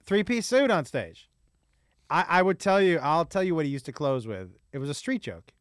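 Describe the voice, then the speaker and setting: A man's voice: a little high, moderate pace, dry recording, studio quality. A man who is a comedian guest on a podcast, telling stories in casual chat and swearing freely. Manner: animated storyteller, swears freely.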